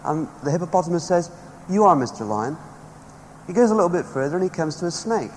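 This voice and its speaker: A man's voice: high voice, racing, warm tone. A man giving an emphatic motivational seminar speech to a live audience, rallying them with stories. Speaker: motivational speaker. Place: large hall with a live audience. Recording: echoey hall, faint background noise.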